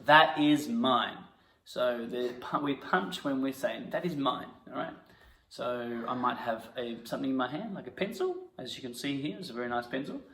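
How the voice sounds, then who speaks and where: A man teaching an acting lesson, jumping into loud, indignant improvised scenes. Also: mid-range voice, lively intonation, brisk, a little hiss or hum. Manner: bursts into loud indignant outbursts during scenes. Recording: echoey room.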